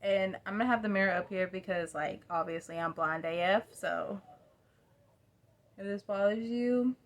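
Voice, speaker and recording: A young woman with a drawl, her voice mid-range and her pace moderate, chats casually to her phone camera at home beside a mirror while doing her makeup. A vlogger doing a get-ready-with-me, she rambles, laughs at herself, and talks with her viewers in a chatty, self-deprecating way.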